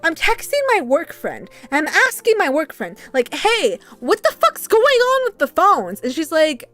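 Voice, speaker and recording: This is a young woman with a strikingly high voice, chatting casually on a home livestream. She tells stories in a loose, rambling way, gets animated, and swears freely. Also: unhurried, faint music behind. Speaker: streamer.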